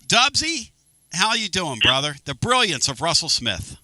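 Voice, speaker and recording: A man's voice: on the high side, very animated, sharp tone, no room sound. A man hosting a talk radio show, joking and bantering loosely with guests. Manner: loose, jokey, fast back-and-forth.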